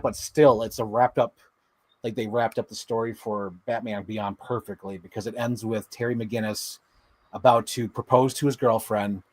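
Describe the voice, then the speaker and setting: A man talking casually as a podcast co-host, rambling from one thought to the next and filling his sentences with "like". His voice sits in an ordinary middle pitch, and the recording is dry and close, with no room around it. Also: darkish tone, dry recording. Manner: rambling, enthusiastic, many "like" fillers. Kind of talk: casual chat.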